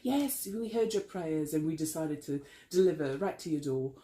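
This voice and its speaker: A man's voice: a little high, lively intonation, moderate pace, warm tone, roomy sound, natural voice. A man voicing polite heavenly messengers at someone's door, in a put-on British accent and an overly courteous, formal manner.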